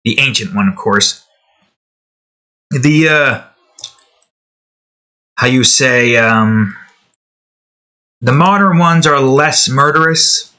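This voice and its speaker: Bright-voiced man rambling while he draws. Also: mid-range voice, lively intonation, slow pace, pauses often. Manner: rambling and chatty, with many fillers and asides. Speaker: digital artist and channel host. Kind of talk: casual rambling commentary while drawing. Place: at home indoors, with his cat nearby.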